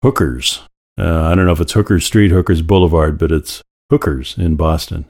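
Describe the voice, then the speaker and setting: A man reading a list aloud in a wry, deadpan manner. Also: extremely low pitch, normal speed. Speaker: segment presenter.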